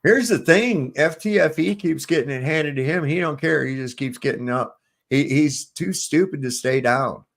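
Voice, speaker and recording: A man's voice: fairly high pitch, moderate pace, vocal fry. A man hosting a stream, chatting bluntly and crudely and telling a long joke with put-on voices. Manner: crude, blunt, storytelling with pirate voice. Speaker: stream host. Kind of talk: casual profane chat and joke telling.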